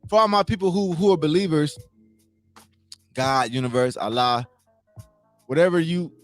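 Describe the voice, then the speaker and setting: A man's voice: fairly high pitch, moderate pace, faint music behind. A man hosting a casual motivational livestream, emphatic, repeating his points and asking his listeners questions.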